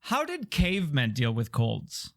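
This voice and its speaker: A man co-hosts a casual podcast and needles his partner with dry, teasing jokes. His mid-range voice moves around a lot in pitch, and it is recorded close and dry. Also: huge pitch swings, measured pace, vocal fry, no echo. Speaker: podcast co-host. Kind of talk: casual chat.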